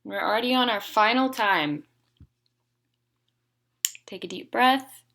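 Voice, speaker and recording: A woman leading a group speech therapy session over a video call, giving patient step-by-step instructions and holding long, loud vowels. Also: mid-range voice, lively intonation, slow pace, pauses often. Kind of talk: guided voice exercise session.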